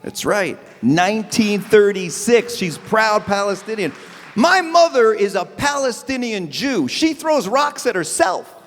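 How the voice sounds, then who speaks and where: A man doing live stand-up comedy as host of an evening event, with an animated, punchy, wisecracking delivery. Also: high-pitched, unhurried, in a large hall, a little hiss or hum. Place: event stage before a live audience.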